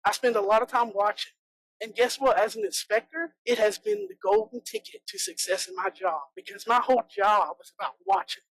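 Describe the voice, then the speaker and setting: A woman's voice: fairly high pitch, big pitch swings, a little fast, gravelly, dry recording, poor audio. A woman from South Georgia with a Southern American accent, giving a chatty, joking conference talk as a bee inspector. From South Georgia, USA. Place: conference room.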